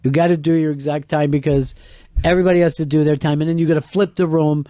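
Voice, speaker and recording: A man's voice: on the high side, little pitch movement, warm tone, no room sound. A man hosting a radio talk show, telling wry, rambling stories in a casual way. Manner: storytelling, wry, drawn-out anecdotes. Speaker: radio host and stand-up comedian.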